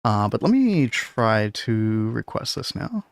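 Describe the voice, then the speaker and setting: A man's voice: medium pitch, big pitch swings, takes it slowly, creaky, dry recording, clean studio sound. A man hosting a casual game stream, thinking aloud and chuckling often.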